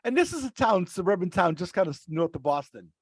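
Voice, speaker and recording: A man's voice: sits high, sing-song, fast talker, breathy edge, no echo. A man casually telling rambling stories on a podcast, often restarting his sentences. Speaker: podcast regular, rideshare driver. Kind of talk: casual storytelling.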